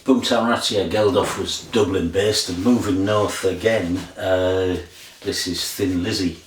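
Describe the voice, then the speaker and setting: Older guy rambling casually about records, deep voice, distant mic, roomy echo. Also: steady tone, a little slow, a little hiss or hum. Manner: rambling, chatty, many fillers and restarts. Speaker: record collector vlogger. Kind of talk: casual chat. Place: room in front of a record collection.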